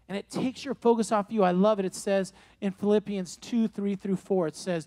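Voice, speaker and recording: A man in his late forties preaching to young people, telling stories in an animated way and repeating key phrases. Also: sits high, moderate pace, hardly any pauses. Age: 40s. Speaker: youth pastor. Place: room with a live audience.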